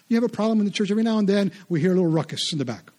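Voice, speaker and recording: A man preaching a sermon, animated and conversational, often repeating his words for emphasis. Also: high voice, very fast. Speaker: pastor.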